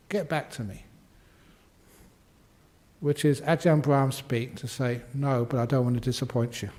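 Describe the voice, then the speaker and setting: A man's voice: medium pitch, a little mellow. An older man, a Buddhist monk answering questions in a humorous dharma talk, playfully acting out quotes and sound effects.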